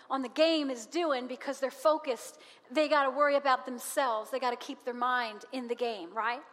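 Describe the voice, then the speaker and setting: High, bright woman preaching. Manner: lively, humorous, emphatic and repetitive. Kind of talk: sermon. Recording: long hall reverb.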